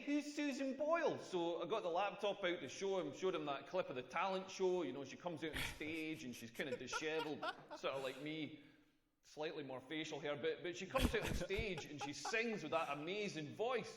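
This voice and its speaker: A man's voice: a little high, fairly quick, noisy background. A young Scottish man doing a stand-up comedy set on a club stage, telling self-mocking stories in a chatty way. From Scotland. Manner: conversational, self-mocking storytelling. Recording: roomy club with long reverb.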